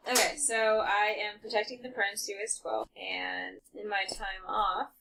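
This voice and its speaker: A young woman playing in a tabletop game, asking blunt deadpan questions. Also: medium pitch, a little slow, gravelly, a little hiss or hum, low-quality recording. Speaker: player. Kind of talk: casual tabletop game chat.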